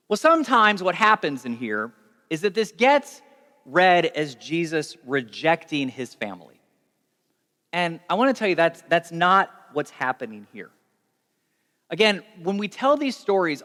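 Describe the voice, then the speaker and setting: Animated, bright-voiced male pastor. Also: on the high side, moderate pace. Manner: conversational, animated storytelling. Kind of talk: sermon. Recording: long reverb of a large hall.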